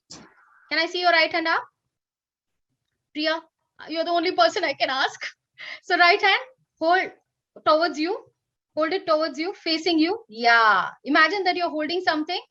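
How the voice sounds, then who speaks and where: A woman's voice: sits high, pushed and bright, muffled recording. A middle-aged woman with an Indian English accent, coaching teachers in an upbeat online workshop. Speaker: teacher trainer. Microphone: video call.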